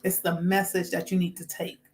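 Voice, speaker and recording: A woman's voice: lowish voice, flat delivery, a little fast, darkish tone. A woman hosting a casual spiritual talk, earnest and informal, often restarting sentences as she works through her points. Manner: rambling, restarts, talks herself through points. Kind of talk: casual spoken talk with notes.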